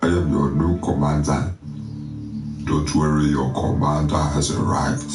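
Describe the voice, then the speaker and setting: A man voicing a grandiose self-styled male commander in a game chat, speaking slowly and formally with a very deep bass voice and demanding respect. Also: level tone, distant mic. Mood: commanding. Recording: echoey game chat clip from afar with music.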